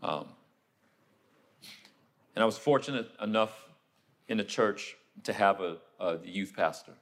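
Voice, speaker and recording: A man delivers a sermon at a moderate pace, telling a story and acting out the people he quotes. He then grows quiet and low for a personal confession.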